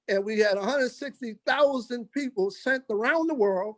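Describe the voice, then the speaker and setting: An older man with a high voice tells his stories with emphasis and acts out the lines of the people in them. He speaks as a guest on a podcast interview. The recording is close and dry. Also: normal speed, no echo. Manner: emphatic, acts out quoted dialogue. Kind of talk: storytelling interview.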